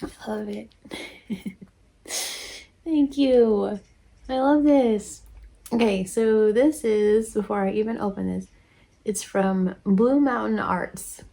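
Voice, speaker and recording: A woman's voice: medium pitch, slow, creaky, warm tone. A woman vlogger opening mail on camera, chatty and rambling, gushing and laughing often. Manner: gushing and emotional. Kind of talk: casual chat.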